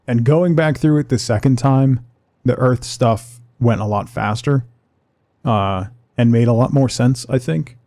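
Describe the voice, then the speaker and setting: Creaky, mellow-voiced male streamer. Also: medium pitch, dry recording, clean studio sound. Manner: relaxed, rambling, talks to chat. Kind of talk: casual livestream chat while gaming.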